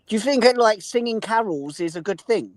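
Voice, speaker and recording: A man's voice: high-pitched, expressive, fairly quick, dry recording. A man in a casual argument on a livestream, pushing back and interrupting with profane, repeated questions.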